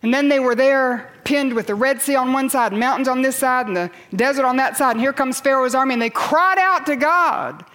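A woman preaching a sermon to a congregation in church, building to loud cries and dropping to near whispers. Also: high voice, a little fast, hardly any pauses.

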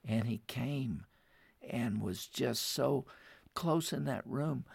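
A man telling a story in a heartfelt, earnest way, in a mid-range voice. He often grows louder and more urgent as he appeals to his listeners. The recording sounds close and dry, with no room echo. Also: mid-range voice, slow, gravelly, husky. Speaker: radio program guest.

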